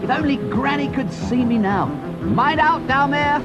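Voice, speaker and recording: A man voicing a cheerful, excitable young male pig in a cartoon, bubbly and giggly, full of exclamations. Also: very high-pitched, a little slow, voice pushed up. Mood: excited. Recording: dull VHS tape with loud music.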